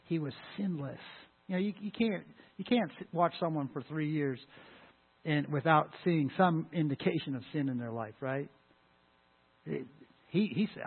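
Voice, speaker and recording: A pastor preaching a sermon in a church, emphatic, stressing key words slowly and often restarting his phrases. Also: on the high side, slightly rough. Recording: tinny phone-like church recording.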